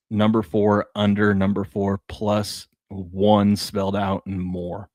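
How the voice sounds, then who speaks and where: A man's voice: on the low side, completely flat delivery, takes it slowly, a little mellow, no room sound. A man in his thirties, a sports show co-host, chatting casually and telling laid-back stories about his kids. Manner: laid-back storytelling with laughs. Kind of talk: casual chat.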